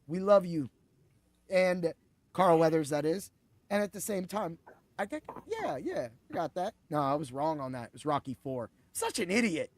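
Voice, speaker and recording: An excitable man hosting a casual sports podcast, his voice carrying a gravelly edge. He rambles, swears and laughs as he talks, and the sound is close and dry with no room around it. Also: a little high, moderate pace, dry recording. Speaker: podcast host.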